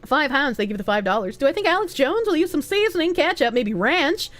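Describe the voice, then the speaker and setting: A young woman livestreaming, reading chat messages aloud, thanking donors and laughing often in a loose, animated way. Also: sits high, fast. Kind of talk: live stream chat reading.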